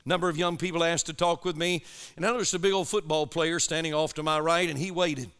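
A man's voice: a little high, fairly even intonation, fast, fairly bright tone, clear, resonant tone. A man preaching an urgent, impassioned sermon to young people at a camp. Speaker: evangelist preacher.

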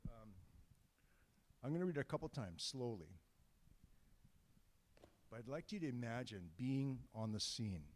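With a long hall reverb in the church sanctuary, a guest preacher's mid-range, slightly mellow voice comes through. He preaches informally, trading jokes with the congregation and frequently starting his sentences over.

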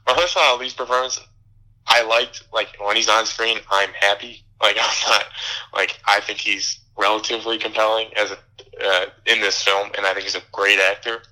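A man's voice: fairly low pitch, fairly even intonation, normal speed, bright, forceful tone, poor audio. A young man co-hosting a podcast, giving an angry, profane rant with laughs. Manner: ranting, profane, laughing through bits. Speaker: podcast host. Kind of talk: casual film review chat.

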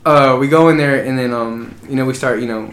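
A man's voice: medium pitch, brisk, fairly bright tone. A young man casually telling a crude, rambling story on a podcast, often breaking into laughter. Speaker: podcast co-host. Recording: echoey room with faint ambience.

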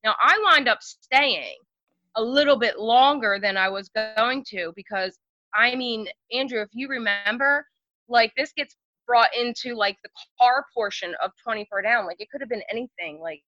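Woman rambling stories on a podcast, lots of um and like, bright tense voice, dry dull sound. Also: fairly high pitch, normal speed, dry recording. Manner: chatty, many fillers like "um" and "like". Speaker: podcast guest. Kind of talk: casual storytelling.

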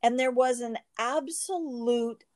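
A woman's voice: on the high side, slow pace, a little mellow, no room sound. A woman in casual podcast conversation, telling a personal story animatedly, often restarting her sentences.

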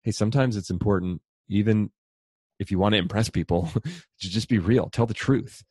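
A middle-aged man, an author and speaker, telling stories in an animated conversational way and acting out quoted voices. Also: on the low side, a little fast, slightly rough, dry recording, clean studio sound. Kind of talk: conversational storytelling.

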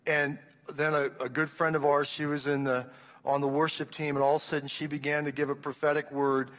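A man around sixty preaches to his congregation with a notably high, ringing voice. He tells his story with passion, often restarting his sentences. His words roll out into the long echo of a church hall. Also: little pitch movement, fairly quick, a bit bright. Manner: impassioned storytelling with frequent restarts. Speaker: pastor. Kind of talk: sermon testimony.

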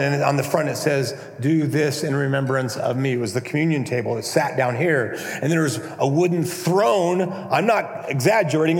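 A man preaching a conversational, animated sermon as a pastor, now and then acting out prayers in a mock-pompous voice. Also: fairly high pitch. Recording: echoey hall, long reverb.

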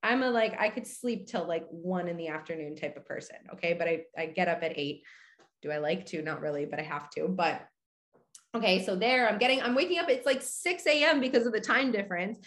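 A young woman telling a personal story in casual chat, animated and full of "like", acting out her own reactions. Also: on the low side, fairly quick. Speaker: podcast guest.

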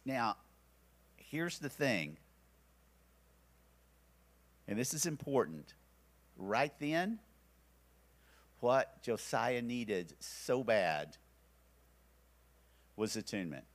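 A man's voice: mid-range voice, sing-song, slow, long pauses. An older man teaching parents, telling a story about his grandsons and acting out his own soothing words. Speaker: church teacher. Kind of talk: teaching talk with personal story.

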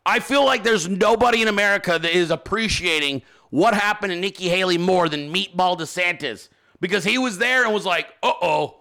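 A man's voice: high-pitched, fairly quick, pushed and bright. A man hosting a political commentary show, ranting and mocking with heavy swearing. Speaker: show host.

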